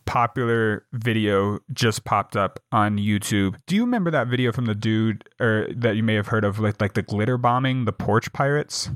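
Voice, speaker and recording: A man's voice: on the low side, normal speed, few pauses, no echo, studio quality. A man in casual chat as a podcast co-host, rambling with lots of fillers and swearing. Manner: rambling, many fillers, swears, mimics scammers.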